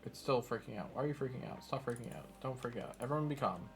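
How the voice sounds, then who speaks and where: A man's voice: mid-range voice, fast talker, soft background music. A man streaming while he programs, muttering to himself, scolding his code and turning to joke with his viewers. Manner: self-mocking, laughs with viewers. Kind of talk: casual chat while programming.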